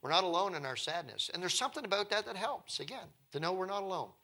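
A man's voice: high-pitched, expressive, fast talker, pushed and bright. A man preaching a sermon as a pastor, earnest and conversational, with emphatic repetition.

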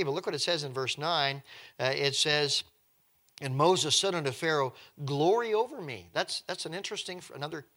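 A man's voice: medium pitch, pushed and bright. A male preacher giving a conversational Bible teaching, reading scripture aloud and breaking in with wry, joking asides.

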